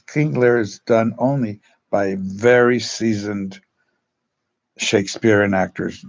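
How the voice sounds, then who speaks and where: Gravelly low-voiced man telling stories. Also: a little mellow, lo-fi sound. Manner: rambling, halting, acts out quotes in changed voices. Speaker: drama teacher. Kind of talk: storytelling, casual talk.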